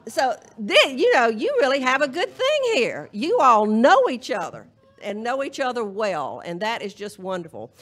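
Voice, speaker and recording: A woman's voice: fairly high pitch, sing-song, moderate pace, a bit bright. A woman minister with a Southern US accent, delivering a humorous, emphatic charge to a congregation at a live church service. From Southern United States. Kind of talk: folksy sermon-style charge.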